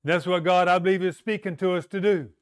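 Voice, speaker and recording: A man preaching a sermon, slow and emphatic, asking rhetorical questions and leaning on dramatic pauses. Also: high-pitched, fairly even intonation, clean tone.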